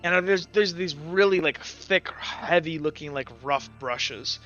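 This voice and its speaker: A man's voice: on the high side, a little slow, sharp tone, lo-fi sound, soft background music. A man narrating as game master, rambling with many fillers and some swearing.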